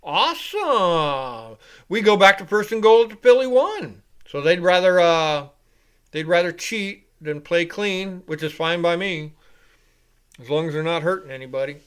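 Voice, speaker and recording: A man hosting a live reaction show, giving casual play-by-play commentary. He rambles off-topic, swears freely and gets louder and higher whenever he calls the action. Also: expressive, a little slow, clear, resonant tone. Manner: rambling and casual, with profanity, rising and louder when calling plays.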